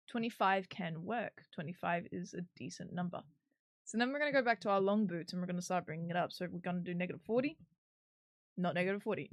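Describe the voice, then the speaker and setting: A woman's voice: fairly low pitch, no echo. Chatty streamer girl rambling while she builds a model, laughs a lot, dry close mic. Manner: chatty, giggly, swears casually. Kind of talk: casual stream chat while working on a 3D model.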